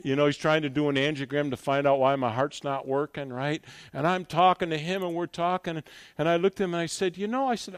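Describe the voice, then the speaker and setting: An older man giving a fervent sermon as a guest speaker, moving from loud exhortation to quiet personal storytelling. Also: on the high side, steady tone, a little fast, smooth, no room sound.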